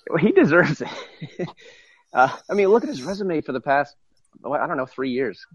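A man telling a story in casual chat, halting and amused as he goes. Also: a little high, very animated, breathy edge, dry recording, muffled recording. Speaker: podcast panelist.

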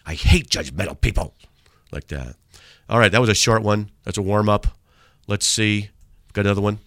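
On a studio mic, this radio host jokes around and chats casually, mocking the hate mail he reads aloud in silly voices. His fairly low voice is steady yet sharp in tone, clean with no echo, at a moderate pace.

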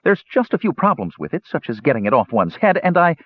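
A man voicing a jittery little male gnome tinkerer who whines and pleads in a rushed patter. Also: fairly high pitch, big pitch swings, dry recording, phone-quality sound, voice pushed up. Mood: whining. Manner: whiny, fast, pleading.

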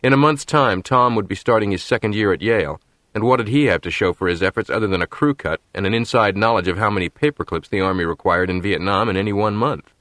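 Low-voiced man narrating an audiobook. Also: no room sound, clean studio sound. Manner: measured, steady storytelling. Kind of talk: scripted narration.

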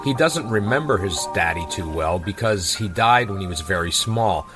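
A man's voice: low voice, expressive, moderate pace, over music, poor audio. A man casually retelling a sad comic story panel by panel, in an informal way with many fillers.

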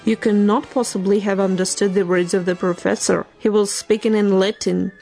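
A woman's voice: medium pitch, fairly even intonation, normal speed, creaky, warm tone, faint music behind, natural voice. Blackbird: contrary, objecting bird, woman reading it.

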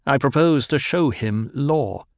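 A man reading an audiobook voices a young male duke heir, commanding and imperious, in a raised, forceful tone. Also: mid-range voice, measured pace, no echo, clean studio sound, pitched above the performer's own voice, close to an everyday voice.

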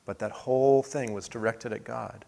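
A man preaching a sermon as pastor, earnest, building to emphatic peaks and then dropping soft. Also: mid-range voice, steady tone, normal speed, vocal fry. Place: church sanctuary.

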